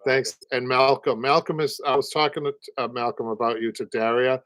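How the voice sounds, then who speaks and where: A man's voice: mid-range voice, flat delivery, moderate pace, fairly bright tone, no echo. Older man, boston accent, chatty, rambling, dry close sound. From Boston area, USA. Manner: chatty, rambling, repeats words, laughs often. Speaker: upholstery show host. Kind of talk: casual livestream chat.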